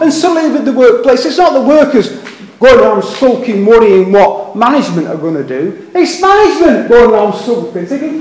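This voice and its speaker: An older man with a Liverpool accent speaks at a public meeting, earnest and a little rambling, breaking off for wry asides about himself. His voice sits unusually high for a man. The sound carries a strong echo from the hall. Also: big pitch swings, moderate pace, darkish tone. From England. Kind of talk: impassioned public speech.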